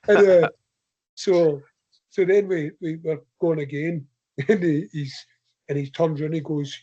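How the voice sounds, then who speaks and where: Warm, slightly rough and a little high, a Scottish man's voice unfolds unhurriedly as he guests on a podcast. An ultra runner, he tells a casual, rambling anecdote, chatting away and laughing frequently. The lo-fi podcast sound is slightly dull.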